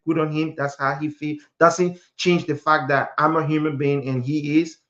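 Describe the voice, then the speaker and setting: A man's voice: fairly high pitch, flat delivery, normal speed, few pauses, a bit bright, highs cut off. A man from Liberia talking earnestly on a podcast, often repeating words while he searches for a phrase. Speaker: podcast host. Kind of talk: reflective podcast talk.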